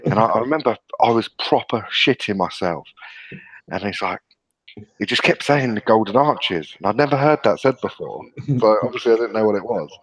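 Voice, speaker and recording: Low-voiced man, dry close sound. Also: expressive, a little fast, fairly bright tone, dry recording, rough recording. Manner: swears constantly, laughs through his stories. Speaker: podcast co-host. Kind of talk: casual storytelling.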